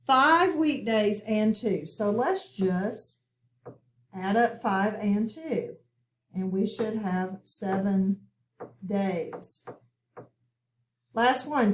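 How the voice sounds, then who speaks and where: A woman teaching a phonics lesson to children, speaking slowly and clearly with patient classroom instruction. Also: on the high side. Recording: echoey room, voice from far off.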